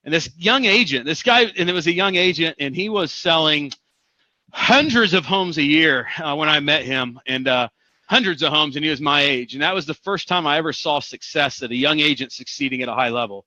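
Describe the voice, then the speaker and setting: A man from Missouri giving a motivational real estate coaching talk, energetic and emphatic, repeating phrases for punch. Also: a little high, brisk, dry recording, highs cut off.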